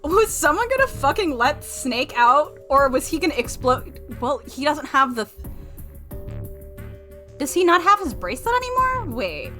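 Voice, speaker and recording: A young woman streaming a game, excitable and swearing, laughing and talking back at the characters. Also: high voice, moderate pace. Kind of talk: casual let's-play commentary. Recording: faint game music underneath.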